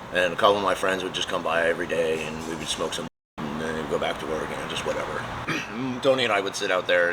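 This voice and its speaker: A man with a very low voice tells a rowdy story about his shop, swearing freely and laughing as he goes. The recording has clear background noise from the shop around him. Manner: profane, laughing, animated storyteller. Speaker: custom motorcycle shop owner. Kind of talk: casual storytelling chat. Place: motorcycle shop.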